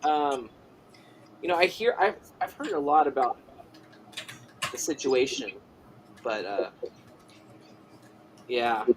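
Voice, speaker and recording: A man's voice: medium pitch, takes it slowly, pauses often, a little hiss or hum. A man hosting a live drawing stream, chatting casually and laughing easily with his guest. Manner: relaxed, laughs often, reads chat aloud. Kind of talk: casual chat while drawing.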